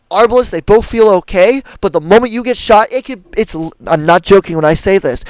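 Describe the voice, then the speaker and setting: Young male streamer, exasperated profane rant, clear voice in a dead room. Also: high-pitched, no echo, rough recording. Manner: angry, profane, exasperated ranting. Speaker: gaming streamer. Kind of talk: ranting gameplay commentary.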